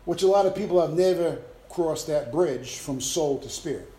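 A male preacher with a high-pitched voice delivers his sermon with emphatic bursts and playful sound effects. The sound rings out with a roomy echo. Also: normal speed, mellow.

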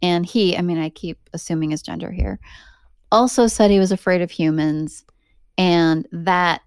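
A woman with a somewhat low voice recounts a bizarre encounter for her podcast, chatty and animated, breaking into little laughs as she goes. The sound is dry and close, with no room around it. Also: moderate pace, clear, resonant tone, dry recording. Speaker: podcast host. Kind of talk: casual storytelling.

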